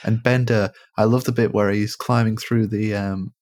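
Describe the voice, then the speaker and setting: A man's voice: lowish voice, steady tone, normal speed, darkish tone, dry recording, studio quality. A man, chatting casually and jokingly as a podcast co-host about a film. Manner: chatty, rambling, jokey.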